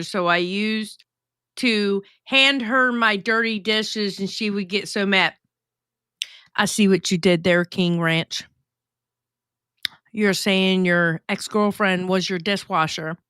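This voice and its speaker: A woman's voice: mid-range voice, bright, forceful tone, clear, resonant tone, no echo, clean studio sound. A woman hosting a casual livestream, reading chat messages aloud and chatting in a blunt, profane, gossipy way.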